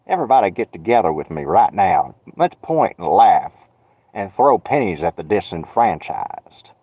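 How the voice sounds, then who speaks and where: A young man rambling on a solo live stream from his van, sarcastic and swearing, with dark jokes. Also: sits low, dry recording, phone-quality sound. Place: inside a van. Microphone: phone.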